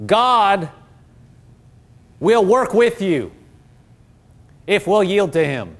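High-voiced man preaching a sermon. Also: big pitch swings, drawn-out words. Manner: preaching with call-and-response, quoting scripture. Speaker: pastor.

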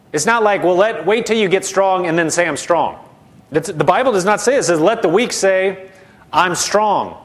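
Emphatic man preaching a sermon. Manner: emphatic, repeats phrases, drops soft and low when modeling declarations.

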